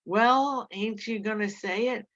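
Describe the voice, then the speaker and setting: A simple-minded big man, childlike, speaking in anxious pleas and protests, as a woman reader voices him. He talks with a pitch pushed higher than her own. The recording is muffled and lo-fi. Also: slow pace, a bit bright. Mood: pleading. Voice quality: childlike, pleading. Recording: dull lo-fi recording.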